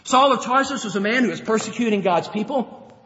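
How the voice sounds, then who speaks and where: Man, preacher, sermon, lively storytelling, long echo of a church hall. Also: sits high, a little fast. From grew up on a farm. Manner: animated storytelling, acts out Bible characters, chuckles. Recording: dull lo-fi sound with long hall reverb.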